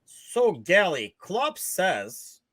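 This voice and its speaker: A man hosting a podcast in a relaxed, easygoing way, who reads quotes aloud for the others. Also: high-pitched, very slow, no room sound. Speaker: podcast host. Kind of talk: casual podcast chat.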